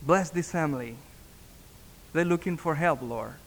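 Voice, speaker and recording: A man, a pastor, telling a story in a sermon, halting and repeating words as he acts out the dialogue. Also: on the high side. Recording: long reverb in a hall.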